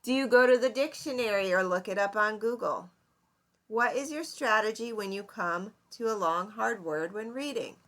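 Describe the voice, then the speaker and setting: A woman teacher giving a recorded lesson, explaining slowly and clearly and asking her students questions. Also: medium pitch, fairly bright tone. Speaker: seventh grade English teacher.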